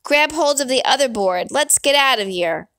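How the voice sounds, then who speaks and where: A woman's voice: high-pitched, lively intonation, moderate pace, fairly bright tone, no room sound, studio quality, pitched above the performer's own voice. A woman voicing a cold, soaked man who coughs out his words. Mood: urgent. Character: cold, sputtering man in water.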